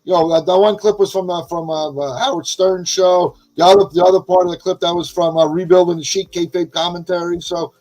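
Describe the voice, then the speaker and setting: Brief: male podcast guest, higher pitch, energetic and repetitive, casual chat. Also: brisk, hardly any pauses, poor audio. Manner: energetic, repeats words when excited. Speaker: wrestling agent, guest.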